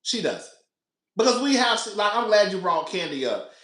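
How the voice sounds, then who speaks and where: In an echoey room, a man with a high, fairly bright voice talks at a moderate pace with big swings in pitch. As a podcast host offering casual reality TV commentary, he is sassy, laughs a lot, says things twice, and calls his listeners "girl."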